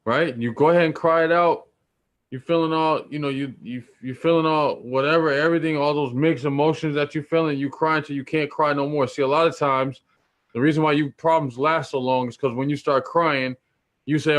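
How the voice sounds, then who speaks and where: A man's voice: on the high side, fairly even intonation, a little fast. A man teaching about spirituality in a loose, slangy, preachy way, repeating points for emphasis. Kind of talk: casual spiritual teaching talk.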